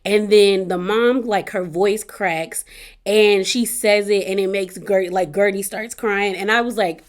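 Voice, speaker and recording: A woman's voice: mid-range voice, fairly even intonation, measured pace. A woman recapping a reality show in a casual, rambling vlog, with lots of fillers and restarts and heartfelt personal asides.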